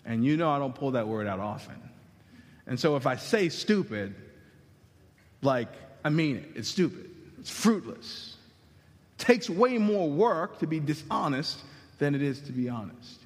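High-voiced preaching pastor. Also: male voice, unhurried, big-room sound. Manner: animated, conversational, slangy. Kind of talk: sermon.

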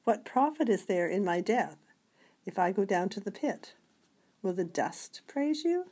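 A woman reading scripture passages aloud in a measured way, sometimes stumbling over a word. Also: mid-range voice, animated, a little mellow. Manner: measured reading with occasional slips. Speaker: scripture reader.

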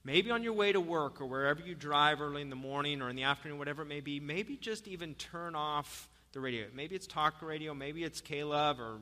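A man preaching with a high, very bright and sharp voice that rings out through a long church-hall reverb. He jumps into animated storytelling, then drops into soft, earnest appeals to his congregation. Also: brisk, hardly any pauses. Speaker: pastor. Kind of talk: sermon.

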